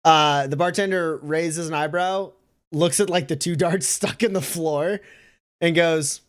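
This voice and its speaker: A man with a fairly high voice guides players through a tabletop game as its game master. He narrates loosely and casually, with plenty of fillers and stops. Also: steady tone, a little slow, smooth. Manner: casual, many fillers and laughs.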